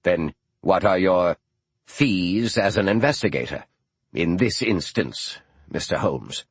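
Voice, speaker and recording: A man narrating an audiobook, voicing an older male scholar who speaks softly and sounds strained and guarded. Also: deep voice, lively intonation, slow, husky, no room sound, exaggerated voice. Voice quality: soft-spoken, tense.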